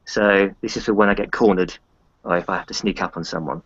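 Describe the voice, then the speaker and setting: A man's voice: deep voice, steady tone, fairly quick, breathy edge, no echo. A man voicing a disfigured, polite and formal male vampire. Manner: courteous, formal phrasing. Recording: dull lo-fi sound.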